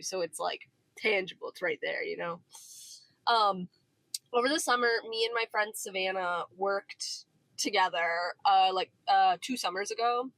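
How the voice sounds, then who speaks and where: A woman's voice: medium pitch, no echo, poor audio. A woman in her twenties chatting casually in a car, telling a story with lots of acted-out dialogue. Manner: animated, acts out quoted dialogue. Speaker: podcast co-host.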